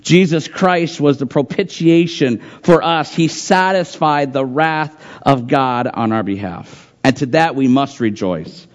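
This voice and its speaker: A man's voice: mid-range voice, unhurried, few pauses, highs cut off. A man preaching a sermon, reading scripture aloud and repeating phrases for emphasis in an earnest pulpit manner. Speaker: pastor.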